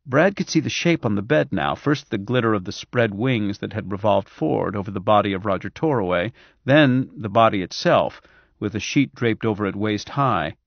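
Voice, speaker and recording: A man reading an audiobook in a measured, even way, with a gravelly, creaky voice. The sound is dry, from a studio booth, and slightly dull. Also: fairly low pitch, no room sound. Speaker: audiobook narrator. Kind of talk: scripted narration.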